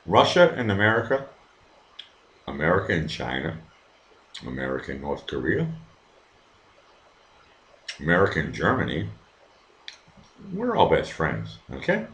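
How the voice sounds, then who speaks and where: A man's voice: rumbling low, huge pitch swings, unhurried, pauses often, fairly bright tone. A man hosting his own live stream, reading the chat and ranting at viewers with lots of swearing. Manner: profane, heated, talks straight to viewers. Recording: echoey room.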